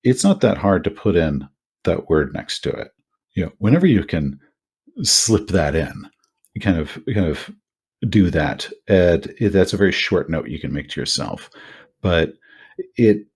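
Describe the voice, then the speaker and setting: Husky deep-voiced man, lively and rambling. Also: measured pace. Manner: animated, rambling with many asides. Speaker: podcast co-host. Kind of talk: casual chat about tabletop horror gaming.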